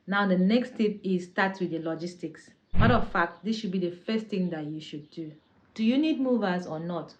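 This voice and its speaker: A woman's voice: lowish voice, a little mellow, lo-fi sound. A young adult woman talking to camera as a vlogger, giving casual tips in a sassy, chatty way that laughs easily.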